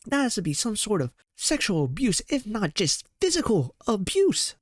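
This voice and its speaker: A man's voice: high-pitched, huge pitch swings, a little slow, vocal fry, few pauses, dry recording. This is a young man hosting a reaction commentary. His voice leaps all over its range as he rants in disbelief and swears freely. The recording is dry and close to the mic. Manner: exasperated, profane, slangy rants. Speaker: commentary host.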